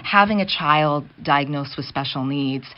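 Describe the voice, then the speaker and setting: Woman host w a really low voice, reflective, muffled sound. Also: measured pace. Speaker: radio host. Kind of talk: talk radio interview.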